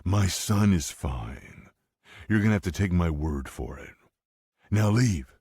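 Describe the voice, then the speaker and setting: A man's voice: a bass voice, expressive, normal speed, a little mellow, slightly rough, no echo, studio quality, exaggerated voice. A man voicing a blunt, fierce tough man who speaks with threatening bluntness in an audiobook. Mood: angry threatening.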